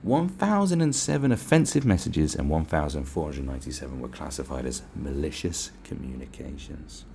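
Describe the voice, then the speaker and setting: Low gravelly sarcastic man. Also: moderate pace, hardly any pauses, slight background noise. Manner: sarcastic, sweary, animated ranting. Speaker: podcast host. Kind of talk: solo podcast rant.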